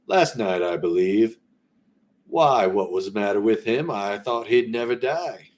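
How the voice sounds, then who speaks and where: A man's voice: on the low side, expressive, a little slow, a little mellow. A man voicing a businessman who casually asks about a colleague's death, in a voice close to his own. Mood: curious.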